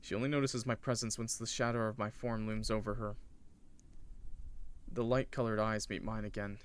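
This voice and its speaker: A man's voice: fairly low pitch, flat delivery, moderate pace, clear, resonant tone. Man reading a visual novel aloud. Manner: narrates, then cracks joking asides to chat. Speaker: gaming streamer. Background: loud game music.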